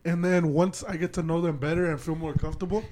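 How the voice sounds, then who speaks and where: A young man in casual talk with friends, retelling events calmly. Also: fairly high pitch, fast. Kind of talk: casual chat among friends.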